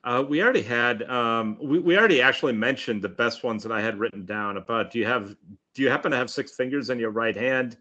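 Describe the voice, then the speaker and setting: A man's voice: mid-range voice, fast talker, sharp tone, lo-fi sound. A man co-hosting a podcast, chatting casually and hesitantly about a film. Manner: hesitant, with many fillers. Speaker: podcast co-host.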